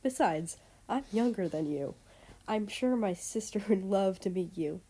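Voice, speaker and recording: A woman's voice: medium pitch, moderate pace, mellow, natural voice. A woman voicing a bubbly, teasing young girl in a read-aloud story. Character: bubbly teenage girl, cheerful and pushy.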